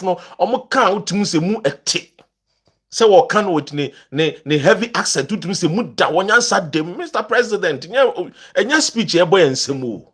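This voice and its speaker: A man's voice: sits high, fairly bright tone, husky. A Ghanaian man ranting about politics to his online audience, impassioned and emphatic, switching between English and Twi. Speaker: political commentator. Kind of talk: animated political rant to camera.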